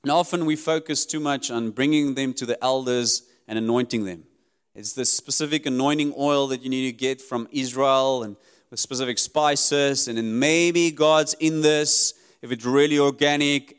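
A man preaching a sermon in an earnest, emphatic way, his voice rising high and dropping low as he drives his points home. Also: moderate pace, clear, resonant tone. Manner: earnest, emphatic preaching that rises and drops sharply. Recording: long hall reverb.

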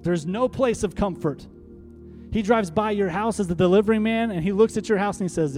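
Mellow-voiced preaching man. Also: sits high, lively intonation, fairly quick. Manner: call-and-response, rising to emphatic. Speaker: pastor. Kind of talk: sermon. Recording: faint music behind.

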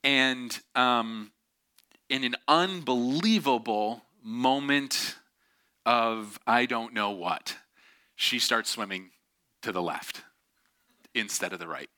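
Animated man with a very bright voice. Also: mid-range voice, slow, pauses often, clean tone. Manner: animated, acts out quoted voices. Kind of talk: storytelling talk.

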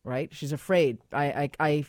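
A woman's voice: low-pitched, fairly even intonation, moderate pace, darkish tone, no echo, studio quality. A woman with a Massachusetts accent hosting a radio sex-advice show, chatting and reading listener emails, often laughing and mock-indignant.

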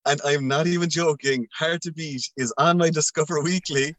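A man chatting as a podcast guest, jokey and animated, firing off quick opinions. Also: on the high side, no room sound. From Ireland. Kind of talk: casual chat.

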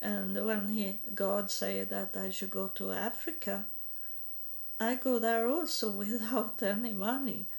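A woman from Sweden, giving a halting personal testimony in English and often repeating words. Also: medium pitch, fairly even intonation, vocal fry, darkish tone. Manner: halting, repeats words, non-native grammar.

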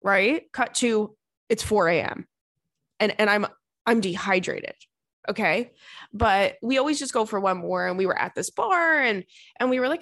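Young female podcast host, chatty and animated, dry close sound, mid-pitched. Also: measured pace, creaky, no room sound. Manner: animated, acts out quotes with big jumps in pitch. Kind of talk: casual chatty storytelling and reading listener letters.

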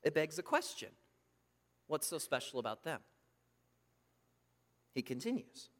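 A man preaching a sermon, emphatic, swinging between loud bursts and hushed asides. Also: a little high, sing-song, unhurried, pauses often. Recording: long reverb from a hall.

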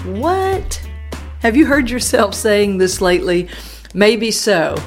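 Woman, podcast host, devotional teaching, earnest, emphatic, drawn-out phrases, medium pitch. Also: soft background music.

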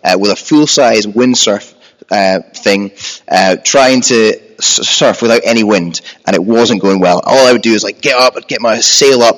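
Young man, preacher, laid-back self-mocking storytelling, slightly low voice, long hall echo. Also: moderate pace. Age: 20s. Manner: relaxed, self-deprecating storytelling. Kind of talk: storytelling sermon.

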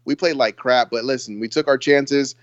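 An excitable man rambles through a casual football chat, laughing now and then. His voice sounds dry and close, with no room around it. The recording is dull and a bit lo-fi. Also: medium pitch, normal speed, dry recording. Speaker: podcast co-host.

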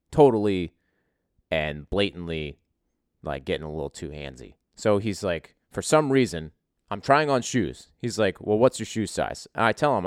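Recorded in studio quality with no echo, a deep-voiced podcast host delivers a crude, profane story in a joking, animated, casual style.

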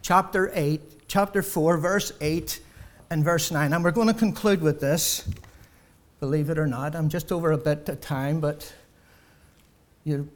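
A male preacher addresses his congregation, pushing up to loud, emphatic peaks and then dropping low, asking rhetorical questions over and over. He becomes short of breath as the sermon goes on.

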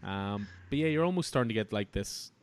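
A man hosting a casual comic book podcast, relaxed and chatty, laughing often. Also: lowish voice, fairly quick. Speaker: podcast host.

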